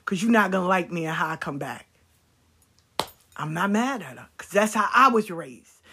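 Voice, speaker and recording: Brief: woman vlogger, fairly high voice, swears freely, hammers points by repeating them. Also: fairly bright tone. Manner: blunt, profane storytelling; emphatic repetition. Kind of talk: casual monologue to viewers.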